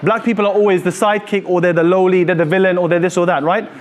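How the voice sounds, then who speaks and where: A high-voiced male teacher lectures a classroom. He talks in an animated way, pressing his students with repeated questions like "so what?" and "why is that important?". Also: fast, muffled recording.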